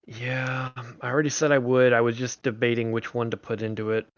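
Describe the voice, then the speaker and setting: A man's voice: mid-range voice, level tone, brisk, dry recording. Hesitant man playing a tabletop game. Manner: hesitant, debating aloud with fillers. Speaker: player. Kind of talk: casual tabletop game chat. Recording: dull lo-fi dry recording.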